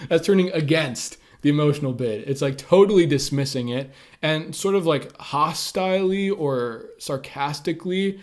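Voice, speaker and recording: A man's voice: fairly high pitch, moderate pace. A man giving casual advice on conversation skills, talking loosely with lots of filler words. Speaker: communication tips creator. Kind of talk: casual instructional talk to camera.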